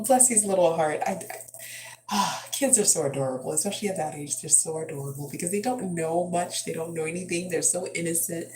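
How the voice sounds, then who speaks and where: A mother chats to camera, recounting a household mishap in a loose, rambling way. Her voice sits low for a woman. There is a faint hum behind her. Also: darkish tone, rough recording. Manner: chatty, rambling, lots of fillers and asides. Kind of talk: casual storytelling vlog.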